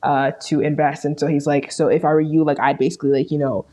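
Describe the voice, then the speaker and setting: A woman's voice: deep voice, little pitch movement, quick pace, mellow. A woman co-hosting a podcast in casual chat, animatedly retelling TV scenes and acting out the characters, full of "like" and swearing. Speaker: podcast co-host.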